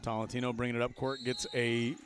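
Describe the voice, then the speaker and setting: An older man doing live play-by-play for a college basketball game, jokey and excitable, with loud calls on big plays. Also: mid-range voice, fast talker. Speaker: play-by-play commentator. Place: courtside broadcast booth in a gym.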